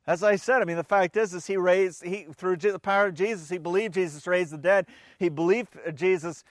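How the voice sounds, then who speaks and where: A man's voice: sits high, a little fast, dry recording, studio quality. A man, a pastor, preaching a conversational sermon and reading scripture aloud, often restarting his words and asking the congregation questions.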